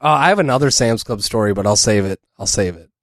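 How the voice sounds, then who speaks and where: A man's voice: on the low side, lively intonation, quick pace, no room sound. Rambling man telling a story, dry mic. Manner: rambling storyteller, breaks into laughter. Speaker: podcast co-host. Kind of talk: casual chat.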